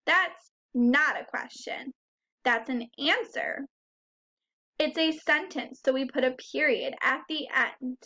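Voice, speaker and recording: A woman teaching a first grade phonics lesson, who sounds out words slowly and clearly and asks the children questions. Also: sits high, pushed and bright.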